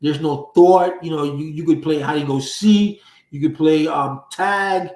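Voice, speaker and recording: A man's voice: a little high, measured pace, a little mellow, recorded from a distance. A man hosting a casual livestream, telling stories in loose, profane street slang from a room at home. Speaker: livestream host. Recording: roomy echo.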